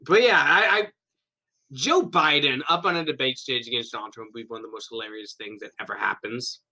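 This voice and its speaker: Brash young male podcast co-host, bright voice, swears and laughs a lot. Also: mid-range voice, brisk. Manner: loud, profane, laughing, mock voices. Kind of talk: casual comedic chat.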